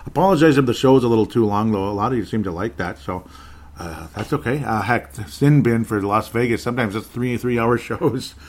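A man's voice: mid-range voice, brisk, a little mellow. Man, sports podcast host, casual rambling chat, self-correcting, laughs a lot. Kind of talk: casual live chat reading listener comments.

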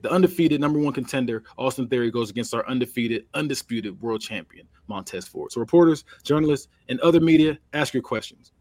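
A man's voice: mid-range voice, darkish tone, dry recording, close to an everyday voice. A male wrestling announcer, put on by a man introduces the fighters with formal hype. The voice is dry and close-miked. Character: male wrestling announcer hosting a press conference.

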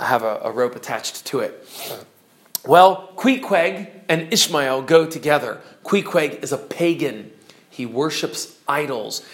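A male teacher animatedly retelling a classic novel's story to his class, pausing to explain terms. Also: on the high side, a bit bright.

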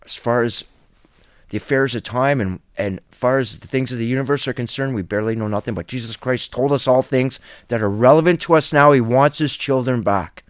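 An earnest man preaching in a solo Bible teaching video, insistent and firm in his delivery. His voice sits at an ordinary male pitch. The recording is dry and close, with no room sound. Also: fairly quick, dry recording.

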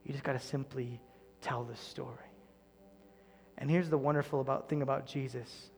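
A man preaching a sermon as pastor, earnest, often sinking to a soft near-whisper. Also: mid-range voice, steady tone, normal speed, creaky, in a large hall, a little hiss or hum.

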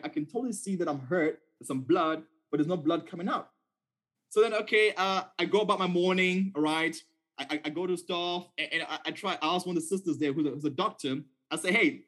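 A man preaching a sermon in a conversational, animated storytelling way, often checking in with "okay?". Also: high voice.

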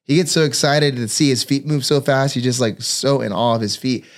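A man's voice: medium pitch, brisk. A man and father giving a personal devotional talk, earnestly telling stories and acting out the voices of the people in them. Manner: earnest storytelling, acts out quoted voices.

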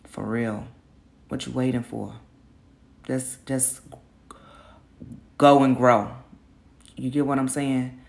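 A woman's voice: extremely low pitch, little pitch movement, slow, vocal fry, pauses often. Groggy, candid woman podcasting at dawn. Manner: candid, slangy and self-encouraging, openly nervous. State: groggy early-morning voice. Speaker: podcast host. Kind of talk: casual solo podcast monologue.

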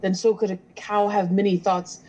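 Woman player, mellow tone, whimsical rambling in character. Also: mid-range voice, little pitch movement, normal speed, low-quality recording. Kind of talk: in-character tabletop role-play.

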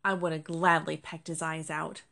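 A woman voicing a small, feisty male sparrow, speaking quickly and eagerly in a storybook reading. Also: low-pitched, little pitch movement, gravelly, fairly bright tone.

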